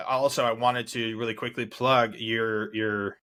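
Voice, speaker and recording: A man hosts a podcast in a loose, friendly register, calling his guest dude and swearing freely. His voice sits fairly low. He rambles through thoughts with many restarts. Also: little pitch movement, a little slow, bright, forceful tone. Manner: laid-back, swears, calls guest dude. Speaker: podcast host. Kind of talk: casual interview chat.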